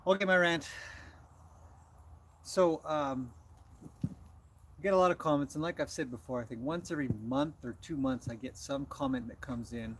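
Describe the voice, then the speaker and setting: A man's voice: medium pitch, normal speed, long pauses, a little hiss or hum. A man hosting a casual livestream outdoors beside a horse, chatting loosely and talking to his animals between thoughts. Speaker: horse trainer livestream host.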